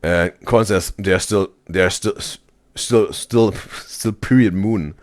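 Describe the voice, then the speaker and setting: A man hosting a live stream, reading chat messages aloud in a casual, excitable way and saying "bro" constantly. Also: deep voice, unhurried. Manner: animated, exclaims "bro" constantly, laughs often.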